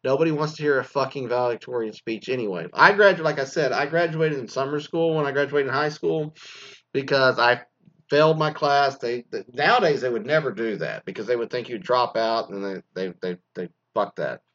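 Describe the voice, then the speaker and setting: A man's voice: medium pitch, fairly quick, fairly bright tone, lo-fi sound. A man in his forties, a former teacher, telling a crude story in a casual rant and swearing constantly. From Mesquite, Texas.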